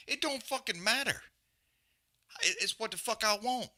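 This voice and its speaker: Swearing, bright-voiced man ranting bluntly. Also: high voice, very animated, brisk. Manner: blunt, heavy swearing, emphatic repetition. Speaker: podcast host. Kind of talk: profane rant on a live stream.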